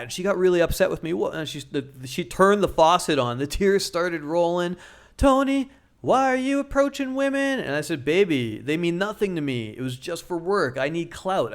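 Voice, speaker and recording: A man with a slightly high-pitched voice gives relationship advice as a dating coach. He talks bluntly and casually, and he slips in jokes along the way. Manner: blunt and joking.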